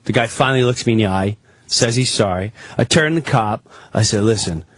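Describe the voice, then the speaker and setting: A man's voice: mid-range voice, a little fast. A man telling a comic story as a radio show guest, acting out the people in it. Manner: animated, acts out the people in his story. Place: radio studio.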